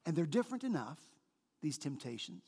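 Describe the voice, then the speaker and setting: Male senior pastor, high-pitched, emphatic sermon delivery, recorded in an echoing church hall. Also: very animated, gravelly, warm tone, husky. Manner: emphatic preaching, slow stressed phrases. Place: large church sanctuary. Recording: long church hall reverb.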